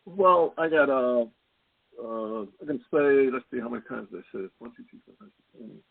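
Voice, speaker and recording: A man who is a guest healer on a call, talking in a laid-back, unhurried and folksy way. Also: medium pitch, animated, creaky, breathy edge, no echo. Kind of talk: casual chat on a call. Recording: tinny phone line, dry.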